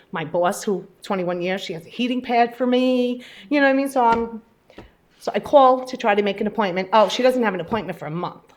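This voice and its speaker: A nervous, chatty woman tells her personal story to a live audience, acting out the conversations as she goes. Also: mid-range voice. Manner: chatty, animated storyteller who acts out dialogue. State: a little nervous. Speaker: patient speaking at an event.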